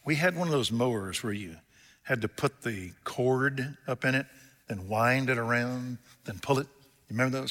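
A man's voice: medium pitch, normal speed, bright, forceful tone. A man preaching a sermon, telling homespun stories with jokes in a folksy way. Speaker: pastor. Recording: long hall reverb.

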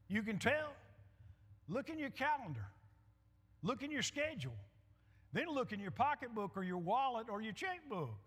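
A man's voice: high-pitched, a bit bright, husky. A middle-aged male pastor preaching a sermon with emphatic repetition and call-and-response. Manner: emphatic, repeats lines, call-and-response with the congregation. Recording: hall reverb.

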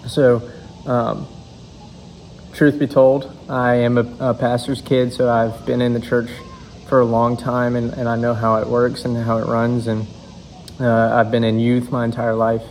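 A young man giving a halting church testimony, full of fillers and restarts. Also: mid-range voice, completely flat delivery, a little mellow, slight background noise, low-quality recording. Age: young adult. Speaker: youth speaker.

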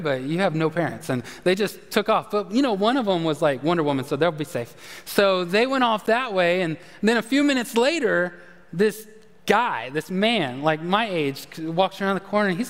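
A pastor preaching to his church in a high, light voice. He tells his story conversationally, then sinks low and quiet to drive points home. The sound rings with the long reverb of a large hall. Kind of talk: sermon. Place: church sanctuary.

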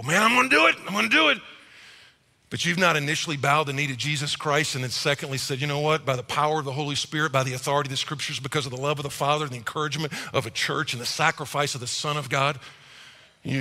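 A middle-aged male pastor preaching a sermon in a church, animated and acting out quick quoted voices. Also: mid-range voice. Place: church auditorium. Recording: reverberant church hall.

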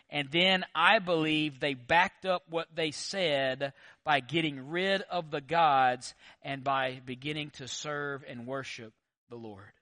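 A man preaching a sermon as pastor, animated and conversational, full of rhetorical questions. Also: a little high, dry recording, clean studio sound.

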